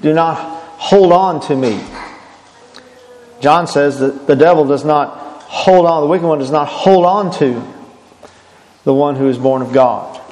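A man's voice: on the high side, measured pace, long pauses, a little mellow, long reverb tail, low-quality recording. A man preaching a sermon, earnest and emphatic, often restarting his phrases.

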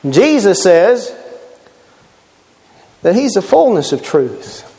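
High-voiced preacher in an echoing hall. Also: male voice, big pitch swings, takes it slowly, background noise. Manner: emphatic, repeats key words, quotes scripture. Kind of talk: sermon.

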